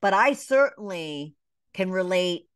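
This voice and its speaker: A middle-aged woman from Atlanta, a business coach, telling her story in a casual interview, with lively asides, many fillers and short bits acting out other voices. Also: fairly low pitch, unhurried, clean tone, no room sound, clean studio sound. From Atlanta, Georgia. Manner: animated storyteller, acts out quoted voices, many "you know" fillers. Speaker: business coach and podcast guest.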